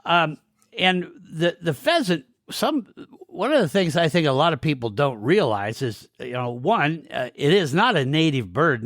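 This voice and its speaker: A man's voice: a little high, a bit bright, no echo, studio quality. A man from western Montana hosting a podcast, asking questions in a friendly, casual way and often repeating words as he restarts. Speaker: podcast host. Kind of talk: casual interview chat.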